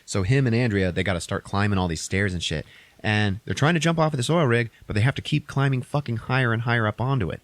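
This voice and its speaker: A man's voice: medium pitch, fast talker, dry recording. A young man hosting a podcast, recapping a movie in a rambling, swear-heavy casual way. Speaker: podcast host.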